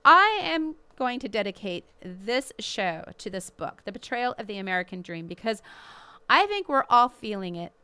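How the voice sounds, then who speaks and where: A woman hosting a show, delivering an impassioned, indignant commentary with emphatic, drawn-out stresses. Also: medium pitch, sing-song, pushed and bright, clean tone, no echo. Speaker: radio show host.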